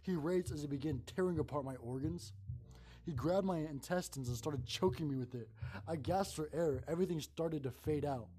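A man reading a first-person horror story aloud in a calm narrating voice. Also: a little high, normal speed, slight background noise.

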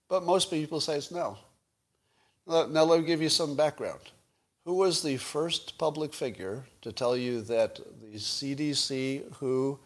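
An older man hosting his own podcast, talking alone in a combative, sarcastic way, rambling with fillers and casual swearing. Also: medium pitch. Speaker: podcast host. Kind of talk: solo livestream commentary.

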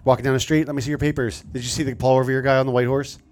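A man co-hosting a late-night radio podcast, talking loosely and with plenty of swearing. His voice sits at a middle pitch. He keeps slipping into other people's lines to mock them, in a raised and mocking tone. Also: flat delivery, very fast, darkish tone. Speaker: podcast co-host. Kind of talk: casual radio chat.

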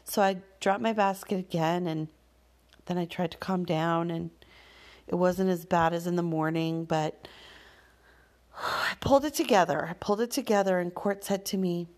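A woman speaking as a parent, sharing a personal story in a candid, thoughtful monologue with soft fillers and sighs. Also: lowish voice, normal speed.

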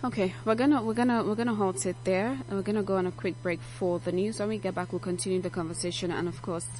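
A woman hosting a radio talk show in the studio, brisk as she steers the conversation. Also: mid-range voice, steady tone, darkish tone. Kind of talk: radio presenting.

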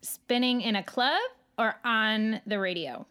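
A woman's voice: on the high side, measured pace, fairly bright tone, smooth. A woman with a Midwest American accent, hosting a podcast in an upbeat way and laughing easily. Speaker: podcast host.

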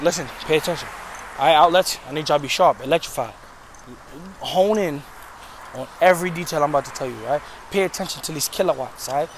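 A man's slightly high, fairly bright voice comes through a handheld phone with a little hiss or hum. Strolling down a city street at night, the vlogger tells a casual story, ranting about his job with plenty of profanity.

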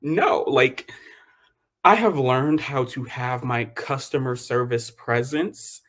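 A man's voice: medium pitch, slow pace. A young man co-hosting a casual podcast, talking bluntly and mimicking rude customers. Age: young adult. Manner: expressive, blunt, mocking impressions. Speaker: co-host.

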